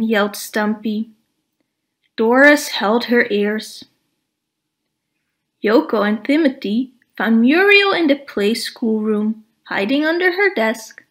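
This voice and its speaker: Woman, children's storybook read-aloud, high voice, slow unhurried pace, expressive. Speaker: storybook reader.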